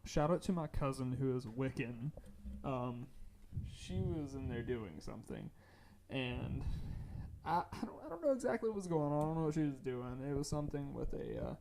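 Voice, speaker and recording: A young man from North Carolina who co-hosts a casual podcast, his voice gravelly with a touch of fry. He rambles animatedly through a spooky story and keeps restarting his sentences. A faint hiss of noise sits behind him. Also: mid-range voice, big pitch swings, moderate pace. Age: young adult. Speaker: podcast co-host.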